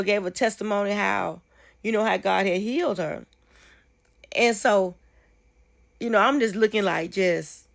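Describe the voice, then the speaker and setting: A woman telling a dream testimony casually, fervent and repetitive, climbing high when she rejoices. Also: gravelly. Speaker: storyteller sharing a dream testimony.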